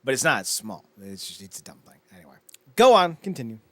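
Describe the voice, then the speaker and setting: A man's voice: medium pitch, sing-song, fast, a bit bright, no echo. A man co-hosting a casual chat podcast, his mid-range voice recorded close and dry. He recaps TV episodes by acting out the characters' lines, with plenty of fillers and asides. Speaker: podcast co-host.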